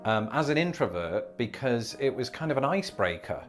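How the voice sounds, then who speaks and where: A man with an English accent speaking in a vlog, measured and wry, with a dry self-deprecating humour. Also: medium pitch, big pitch swings, faint music behind. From England. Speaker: vlogger. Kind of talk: talking-head vlog monologue.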